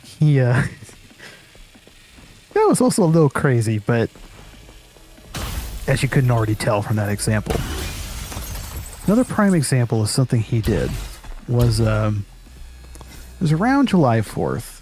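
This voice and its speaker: Guy on a gaming vid telling a crazy story, keeps cracking up, mellow voice, swears a lot. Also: mid-range voice, measured pace, pauses often, a little hiss or hum. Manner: animated, laughs often while telling the story, swears casually. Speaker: gaming channel host. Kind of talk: casual storytelling over gameplay.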